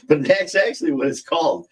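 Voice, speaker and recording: A man's voice: on the high side, recorded from a distance, slight background noise. A man hosting a podcast live stream, telling rambling, anecdotal stories and laughing at his own jokes. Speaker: podcast host. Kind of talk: casual live-stream chat. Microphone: streaming setup mic.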